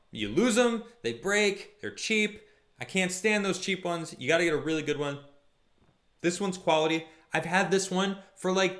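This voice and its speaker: A young man hosting a live stream, reading chat messages aloud and chatting casually, shifting between jokey and somber. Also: on the high side. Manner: chatty, animated, quick mood swings from jokey to somber.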